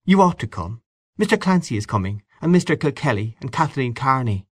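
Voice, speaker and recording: A man's voice: medium pitch, huge pitch swings, moderate pace, breathy edge, voice pushed up, heavily acted. A man voicing a blunt, teasing young woman. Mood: eager. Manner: blunt, insistent questioning.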